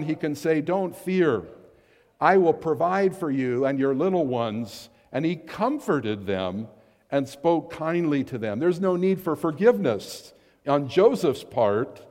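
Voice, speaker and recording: A man delivers a sermon at an unhurried, deliberate pace, his voice sitting a little high for a man. He preaches earnestly and leans on key words, now and then acting out quoted lines. The sound carries the long reverb of a large church hall. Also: a little mellow. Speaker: pastor.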